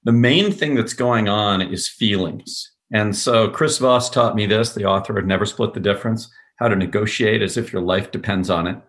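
A man's voice: on the low side, normal speed, few pauses, fairly bright tone. A man talking as a podcast guest, telling stories emphatically and acting out quoted dialogue. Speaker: podcast guest, sales executive. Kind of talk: podcast interview.

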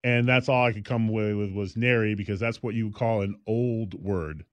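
A man's voice: on the low side, normal speed, no room sound, muffled recording. Rambling man telling stories, dry sound. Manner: rambling storyteller, many fillers. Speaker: podcast co-host. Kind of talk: casual chat.

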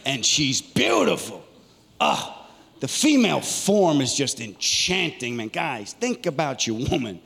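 A man performing a loud, animated stand-up comedy set on a theater stage, acting out voices. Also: medium pitch, measured pace, creaky, a little hiss or hum. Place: large theater stage with audience. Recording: live hall recording with loud crowd.

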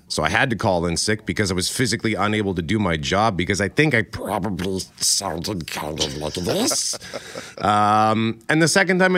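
A man co-hosting a morning radio show, telling stories animatedly and still a little hoarse from a cold. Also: fairly low pitch, no room sound. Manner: animated storytelling, acts out quoted voices. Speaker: radio co-host. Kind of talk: casual radio chat. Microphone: studio microphone.

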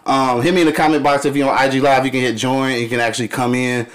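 Dude hosting a live radio show, swears a lot, super casual, laughs a bunch. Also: male voice, medium pitch, steady tone, fast talker. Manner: loose, profane, laughs often.

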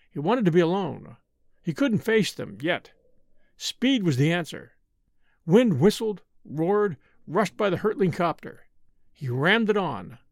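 A man reads a story aloud with dramatic expression. His voice sits fairly high with a gravelly texture, and the sound is dry and close. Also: no echo. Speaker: narrator. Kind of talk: audiobook narration.

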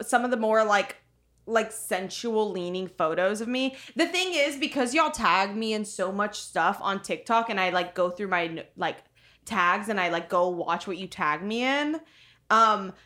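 A woman's voice: mid-range voice, animated, measured pace, bright, forceful tone. A woman in her twenties co-hosting a podcast, chatting casually, giggly and frank. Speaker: podcast co-host. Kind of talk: casual chat.

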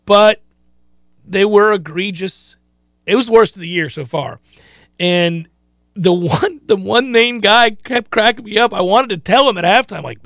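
A man's voice: high voice, normal speed, creaky, fairly bright tone, no room sound. A man hosting a sports talk radio show, chatting casually and acting out other people's lines.

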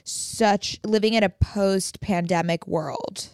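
A woman's voice: mid-range voice, steady tone, slow pace, a little mellow, clear, resonant tone, no room sound. Bubbly young woman podcast host, dry sound. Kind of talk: casual chat.

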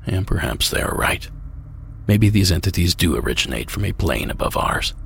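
Podcast host, man: very low, gravelly, measured narration over faint hiss. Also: sing-song, a bit bright. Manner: measured, musing delivery. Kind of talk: scripted narration.

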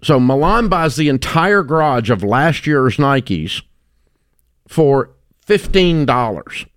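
A middle-aged man hosting a radio call-in show, talking bluntly and emphatically, often climbing to loud exclamations. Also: mid-range voice, very animated, slow, no echo, studio quality. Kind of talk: opinionated radio talk. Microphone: studio microphone.

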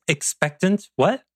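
A man's voice: sits high, fairly bright tone, no room sound. A man teaching an online leadership class over a video call, rambling with playful asides and self-interruptions. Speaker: course instructor.

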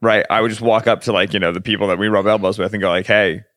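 A man's voice: fairly low pitch, steady tone, very fast, a bit bright, no room sound, studio quality. A man co-hosting a podcast, musing aloud in casual chat with rhetorical questions. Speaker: podcast co-host.

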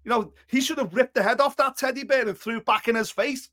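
A man with a fairly high voice talks boxing in a blunt, animated way, swearing freely. He carries the conversation as a co-host, mixing complaints with ideas of his own. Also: fast, few pauses. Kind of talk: casual chat.

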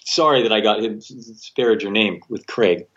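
Easygoing, agreeable podcast co-host; a man with a deep voice on a dull remote line. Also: unhurried, fairly bright tone. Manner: easygoing, agreeable, with many short acknowledgements. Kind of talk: casual podcast chat.

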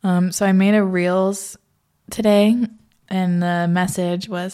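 A woman's voice: lowish voice, level tone, slow, mellow, clear, resonant tone. A woman vlogger talking in a rambling, candid casual chat, full of fillers and swearing.

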